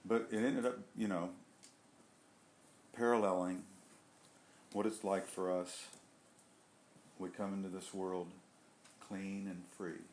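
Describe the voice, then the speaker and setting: Earnest low-voiced man, halting speech. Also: flat delivery, a little mellow, a little hiss or hum. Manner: halting, restarts often, searches for words; earnest and heartfelt. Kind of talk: casual group discussion. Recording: echoey room.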